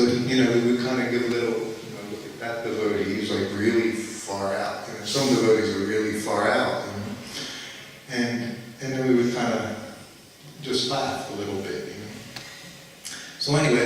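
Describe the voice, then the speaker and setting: A man's voice: mid-range voice, fairly bright tone, a little hiss or hum. A man casually telling a long anecdote to an audience, rambling with lots of "you know" and laughing along as he goes. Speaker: storyteller recounting memories at a festival. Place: large indoor festival hall. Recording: roomy hall, voice from far off.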